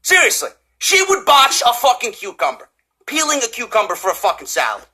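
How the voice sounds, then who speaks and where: A man with a New York accent, ranting about wrestling with heavy swearing, mockery and frequent shouts. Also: very high voice, wildly swooping pitch, a little fast. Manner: swearing, often shouting, mocking. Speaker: wrestling reviewer. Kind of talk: profane comedic rant.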